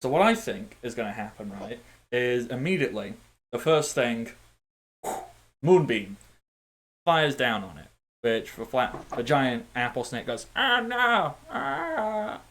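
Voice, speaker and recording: A man narrating as game master in a tabletop game, animated and playful, with sound effects. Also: mid-range voice, measured pace, pauses often.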